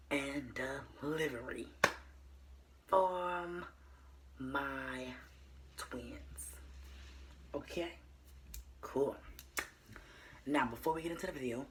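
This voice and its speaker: A young woman with a Southern accent chats through a storytime vlog at home, her voice very low and her delivery unhurried. She is a little out of breath and playful, often dropping to a whisper, with a faint hiss behind her. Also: bright, forceful tone. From South Georgia, USA. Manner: chatty, playful asides, drops into whispers. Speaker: vlogger.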